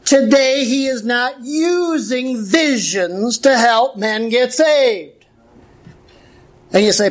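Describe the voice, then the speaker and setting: A hoarse woman pastor teaching a sermon from the Bible, emphatic and full of rhetorical questions, often clearing her throat. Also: fairly high pitch.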